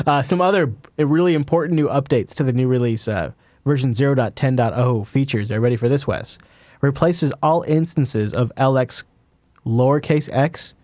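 A man's voice: medium pitch, darkish tone, no echo. A man hosting a tech podcast in casual chat, rambling and laughing at himself. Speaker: podcast host.

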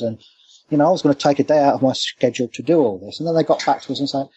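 A man, a cryptozoologist guest, telling stories in an animated, anecdotal way during an interview. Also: mid-range voice, very fast, breathy edge, dry recording. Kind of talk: storytelling interview. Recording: dull lo-fi remote line.

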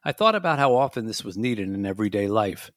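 A man reading a memoir aloud in a measured, reflective way. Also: fairly low pitch, sing-song, fairly bright tone, dry recording, clean studio sound. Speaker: audiobook reader and podcast host.

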